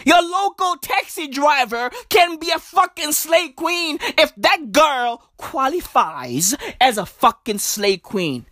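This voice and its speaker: A high-voiced woman, ranting in a comedic monologue that swings wildly up and down in pitch. She mocks and repeats herself for punch and swears freely, with each beat landing slowly and heavily. The sound is close and dry. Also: very animated, sharp tone, no echo. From South Africa. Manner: repetitive, mocking, punchy, heavy swearing. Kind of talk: profane comedic rant.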